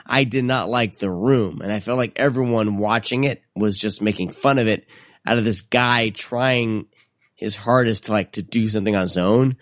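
Guy on a podcast, halting and unsure, dry close mic. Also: fairly low pitch, fairly bright tone, dry recording. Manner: hesitant, halting, searching for words. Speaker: podcast co-host. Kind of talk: casual film podcast chat.

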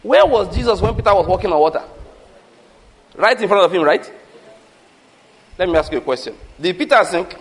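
A man preaching a sermon, animated, asking the congregation questions and calling for answers. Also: high-pitched, brisk, long pauses. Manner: animated preaching with rhetorical questions and call-outs. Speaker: pastor.

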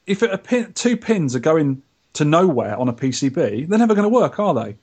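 Guy chatting on a podcast, husky, bouncy pitch. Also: fairly quick. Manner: chatty storyteller, lively pitch. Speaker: podcast co-host. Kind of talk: casual chat.

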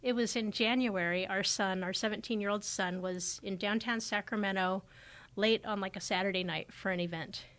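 A woman in her forties hosts a podcast in a casual, reflective way, often acting out remarks she quotes. Her voice is medium-pitched and fairly bright, with fairly even intonation and a normal speaking speed. Her delivery is conversational and thoughtful.

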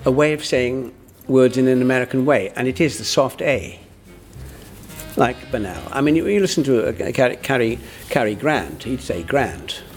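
A man, a performer, talking in a halting interview manner full of restarts. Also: medium pitch, expressive, soft background music. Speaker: guest, impressionist performer. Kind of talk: conversational interview.

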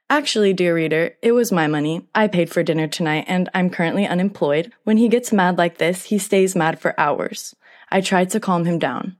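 A young woman reading a post aloud as a co-host, in a steady, even manner. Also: fairly low pitch, moderate pace.

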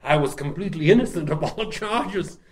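A man putting on an impression of a sinister horror-film doctor, a former convict, speaking slowly and gravely in a lowered voice. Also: close to an everyday voice. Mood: deadpan menace.

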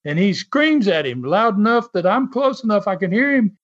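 A man's voice: high voice, big pitch swings, moderate pace, fairly bright tone. A man as an interview guest, telling a story in a casual, chatty way and laughing often. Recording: dull lo-fi sound.

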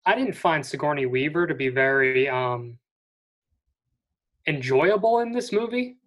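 A co-host talking through a film on a casual podcast. The voice is mid-pitched, and the delivery is conversational and reflective. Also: lively intonation, unhurried, fairly bright tone. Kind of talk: casual movie review chat.

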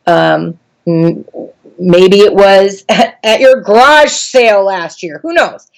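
A middle-aged woman trainer giving a talk on storytelling, conversational with frequent ums and getting animated as she tells a childhood story. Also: mid-range voice, slow, vocal fry. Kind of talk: instructional talk with personal story.

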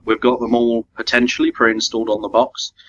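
A young man with an English accent, a consultant guest on a podcast, talking casually with hesitant fillers and quick laughs. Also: mid-range voice, little pitch movement, a little hiss or hum. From England. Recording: dull lo-fi sound.

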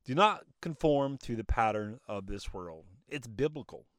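Sitting in his car and recording on a phone, a man hosts a motivational podcast, his medium-pitched voice animated and at normal speed. He preaches emphatically, throat a little choked, and keeps asking himself rhetorical questions; the audio is clean, with no echo.

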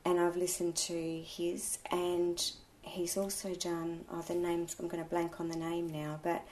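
A woman, an audiobook reviewer and blogger, chatting in an opinionated, animated way during an interview. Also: on the low side, unhurried, a little hiss or hum. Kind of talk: casual interview chat.

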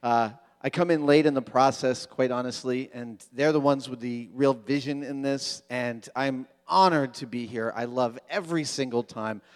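A man's voice: mid-range voice, fairly even intonation. Joking man on a reverberant stage. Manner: playful, joking, quick bursts. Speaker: stage guest speaking at a fan convention. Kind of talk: live stage storytelling to an audience. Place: large stage hall, live audience. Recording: reverberant live hall.

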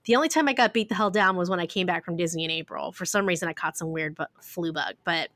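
A woman's voice: fairly low pitch, fast talker, fairly bright tone, no room sound. Woman cohosting a podcast, dry close sound, chatty, lots of likes and ums. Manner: chatty, uses many fillers. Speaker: podcast co-host. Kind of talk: casual chat.

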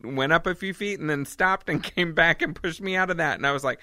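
A woman co-hosting a podcast, telling a story in a casual, animated way and laughing often. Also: low voice, brisk, hardly any pauses, dry recording. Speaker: podcast co-host.

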